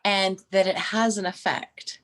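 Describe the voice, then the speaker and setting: A woman's voice: medium pitch, a little slow. Chatty middle-aged woman telling stories. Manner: storytelling with frequent restarts and animated quoted voices. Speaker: podcast co-host. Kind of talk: casual chat.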